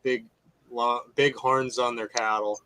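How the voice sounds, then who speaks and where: Brief: man, middle-pitched, easygoing, heavy on fillers. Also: little pitch movement, unhurried, pushed and bright, rough recording. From United States. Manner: laid-back, lots of "like" fillers. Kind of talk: casual chat.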